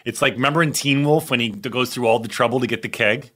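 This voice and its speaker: A man from New Jersey, hosting a casual chat, playful and quick to steer the talk. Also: medium pitch, fairly bright tone.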